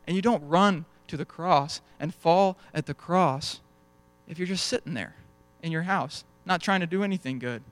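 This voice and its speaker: A man's voice: a little high, normal speed. A young adult man preaching a sermon in a conversational storytelling way, acting out bits of dialogue as he goes. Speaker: pastor.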